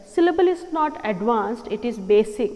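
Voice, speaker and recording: A woman's voice: on the high side, animated, normal speed, mellow, big-room sound, poor audio. Emphatic Indian woman teaching English. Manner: emphatic, repeats words to drill pronunciation. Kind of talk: spoken English lesson.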